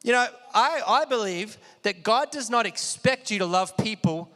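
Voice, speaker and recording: A man's voice: sits high, expressive, moderate pace, pushed and bright. A man preaching a sermon with lots of energy, calling on the congregation to repeat after him. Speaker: pastor. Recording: long hall reverb.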